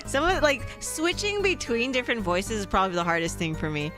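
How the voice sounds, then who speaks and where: A woman's voice: a little high, big pitch swings, fairly quick, music in the background. Giggly, chatty woman game streamer. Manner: chatty, laughs often, greets chat. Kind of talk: casual gameplay commentary.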